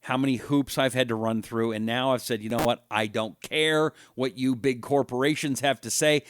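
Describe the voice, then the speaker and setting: A middle-aged man hosting a talk show, reading viewer comments aloud in a casual, animated, mocking way. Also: mid-range voice, moderate pace, hardly any pauses, clear, resonant tone, dry recording, clean studio sound. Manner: animated, mocking, mimics voices.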